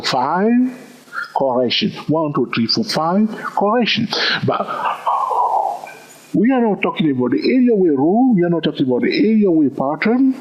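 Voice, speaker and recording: Over a dull lo-fi recording, a trading instructor with a husky, fairly high voice takes the viewer through a chart lesson. He counts moves aloud as he goes and often stops to check in with them.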